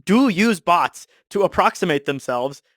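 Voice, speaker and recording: Animated talkative man, fairly high voice. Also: no echo, studio quality. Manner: animated, fast explanations with many fillers. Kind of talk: casual discussion.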